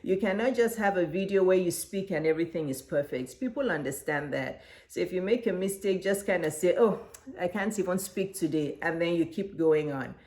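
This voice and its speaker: A woman's voice: on the low side, brisk, few pauses. A middle-aged woman with a Nigerian accent, a business coach giving encouraging advice straight to camera. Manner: warm, encouraging, gestures while talking. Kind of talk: direct-to-camera coaching talk.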